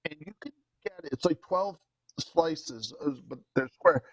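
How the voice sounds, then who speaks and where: A middle-aged man tells a story in a casual chat. He acts out what people said, and his voice sits a little high. The sound is dry and close, with no room around it. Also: measured pace, breathy edge, no room sound, low-quality recording. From Brooklyn, New York. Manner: animated storyteller, acts out quotes. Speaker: comedian guest. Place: home, remote call.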